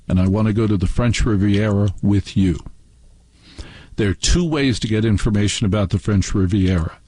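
Husky man telling a radio story. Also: dry recording. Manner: animated, shifts pitch for quoted relatives. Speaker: radio show host. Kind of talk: storytelling monologue.

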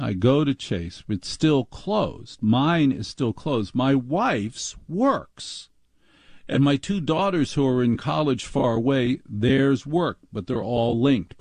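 A middle-aged man hosting a talk show, ranting in an exasperated, mocking way and mimicking staff in a high voice. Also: a little mellow, no room sound. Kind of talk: ranting monologue.

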